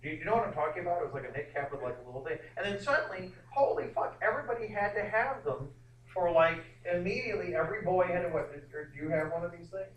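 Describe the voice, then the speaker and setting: A man teaching a history class, lecturing in a rambling, animated way with many fillers and restarts. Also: high voice, racing. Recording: echoey classroom from far off.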